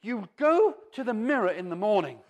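A man preaching a sermon to a congregation, his voice sitting fairly high and swinging up and down. He delivers it in an animated, theatrical way and acts out the lines he quotes. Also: normal speed. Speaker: pastor.

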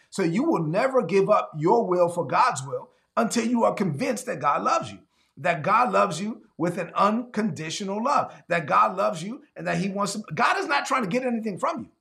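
A man delivers a sermon in a high, gravelly voice. He leans on key phrases, repeats them slowly, and slips into quick acted exchanges to make his point. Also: fairly bright tone. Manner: emphatic, repeats key lines slowly for effect; acts out quick back-and-forth dialogues. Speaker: preacher.

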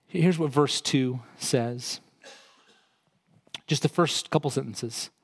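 A male pastor with a slow, gravelly, slightly rough voice preaches a sermon, explaining scripture conversationally. When quoting and emphasizing, he rises in pitch and intensity.

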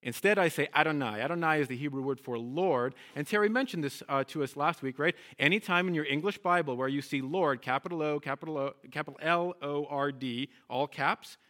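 Bright-voiced man teaching Hebrew to a congregation. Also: fairly high pitch, fairly quick, hardly any pauses. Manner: lively, chatty, checks in with "okay?" and "right?". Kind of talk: teaching a congregation, call and response.

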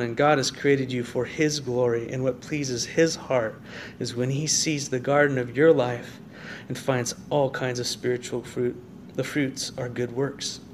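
A man's voice: medium pitch, darkish tone, slight background noise. A man preaching a sermon as pastor, with an American accent, earnest and full of rhetorical questions and restarts. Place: church sanctuary.

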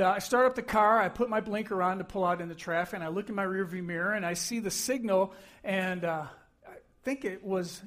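A middle-aged man preaching a sermon in a high, light voice. He talks casually, like he's telling a story to friends. When he replays an argument he gets worked up and animated. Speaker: pastor.

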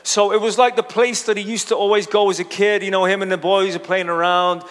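A man's voice: high voice, fairly even intonation, brisk, fairly bright tone. A man preaching a sermon, telling a story in a casual, chatty way with frequent asides to the congregation. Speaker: pastor. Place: church auditorium. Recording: long reverb of a large hall.

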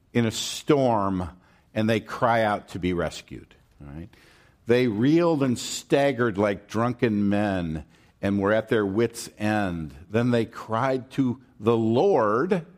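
A man preaching a sermon in a conversational, storytelling way, checking in with his listeners and acting out scenes with lively voices. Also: slow pace. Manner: animated storytelling, acting out the disciples' panic in a high voice.

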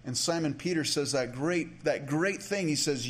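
Male pastor, sermon delivery, chatty with restarts, slightly high voice. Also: normal speed. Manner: conversational, many restarts and asides.

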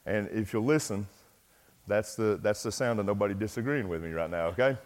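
A middle-aged East Tennessee pastor, speaking at a fairly low pitch with a brisk, slightly mellow delivery, tells a self-deprecating story in a folksy sermon full of fillers. A large hall gives the recording a long reverb.

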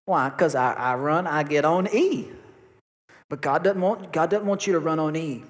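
A man's voice: on the high side, normal speed. Male pastor preaching in a reverberant church. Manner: emphatic preaching with repetition. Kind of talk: sermon. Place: church sanctuary. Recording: long hall reverb.

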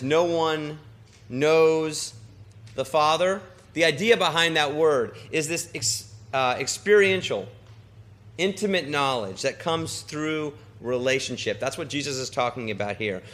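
Male preacher, slightly high voice, earnest and emphatic sermon delivery in church, quick then deliberate. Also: fairly bright tone.

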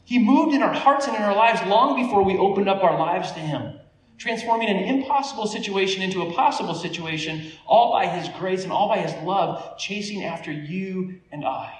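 High-voiced man preaching in an echoey hall. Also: normal speed. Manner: conversational, animated storytelling with laughs. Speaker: pastor. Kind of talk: sermon. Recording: echoey room, voice from a distance.

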